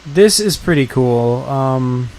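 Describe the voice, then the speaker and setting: A man's voice: medium pitch, animated, slow, darkish tone. A man hosting a casual live stream, rambling with many fillers as he reacts and reads chat. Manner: rambling, filler-heavy, enthusiastic. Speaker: streamer host.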